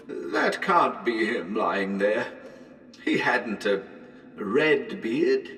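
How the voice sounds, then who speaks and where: A male narrator performs a haunted house story with theatrical flair. His delivery is unhurried, and his pitch leaps and dips all over. He confides in the audience one moment and calls out loudly the next. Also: very animated, breathy edge. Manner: theatrical, chatty asides to listeners, sudden calls and laughs. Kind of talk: dramatic horror story reading.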